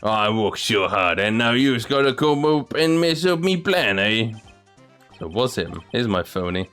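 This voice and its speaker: A man growling as a gruff loan-shark boss. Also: mid-range voice, animated, moderate pace, fairly bright tone, soft background music, close to an everyday voice. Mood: threatening. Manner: growling, rough slangy threats.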